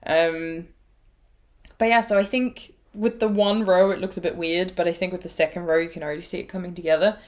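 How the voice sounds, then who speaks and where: A woman's voice: on the low side, fairly even intonation, brisk, darkish tone. A woman with an Irish accent hosting a knitting podcast, chatting casually in a rambling way and laughing at herself. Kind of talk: casual chat.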